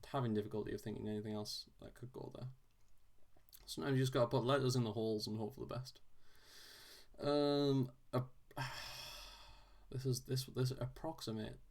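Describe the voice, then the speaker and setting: A man solving a crossword on video, thinking aloud in a casual, halting way with frequent restarts and self-deprecating asides. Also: medium pitch, fairly even intonation, darkish tone.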